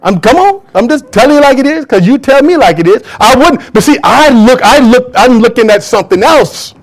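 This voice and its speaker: A man's voice: very high-pitched, expressive, brisk. A man preaching a sermon to a church congregation, emphatic and drawing call-and-response from the crowd. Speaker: pastor.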